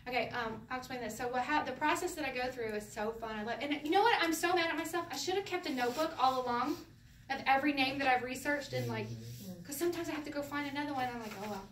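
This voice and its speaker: A woman's voice: sits high, fast talker, a bit bright. Woman, casual teacher, playful, laughs a lot, sing-song at times, distant mic, echoey room. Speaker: Hebrew teacher. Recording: roomy, from a distance, faint background noise.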